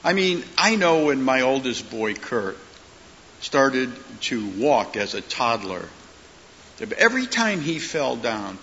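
A man's voice: medium pitch, a little slow. A middle-aged man preaching a sermon as a pastor, telling stories animatedly and acting out the voices in them. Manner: animated storyteller, acts out voices in his stories. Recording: long hall reverb, dull lo-fi sound, faint hiss.

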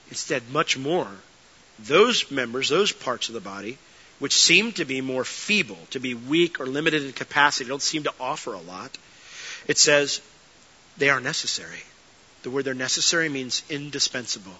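A man pastor delivering a sermon, telling stories with lively energy and dropping to soft earnest tones. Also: mid-range voice, moderate pace, slightly rough, highs cut off. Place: church sanctuary.

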